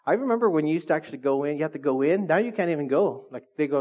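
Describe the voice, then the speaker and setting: A man's voice: fairly high pitch, lively intonation, rapid-fire, dull audio. A man preaching a casual sermon as pastor, chatty and joking with the congregation.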